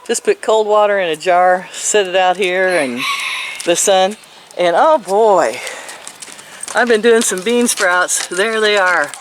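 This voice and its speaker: Talking a bit slowly in a mid-range voice, an older vlogger coos at her chickens and rabbits outside in playful baby talk, often breaking into laughter. The recording is rough, with slight background noise.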